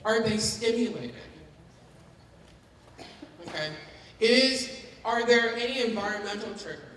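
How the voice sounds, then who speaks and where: A woman's voice: on the high side, lively intonation, unhurried, fairly bright tone, a little hiss or hum. A woman teaching a workshop for caregivers, talking to the room and keeping the audience engaged with frequent questions. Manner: interactive, keeps checking in with the audience. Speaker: dementia care educator. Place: large hall at a community forum. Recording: echoey hall from far off.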